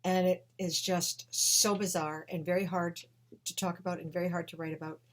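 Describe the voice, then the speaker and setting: A woman telling a personal story with emotion, swinging between hushed and loud. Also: fairly low pitch, little pitch movement, moderate pace.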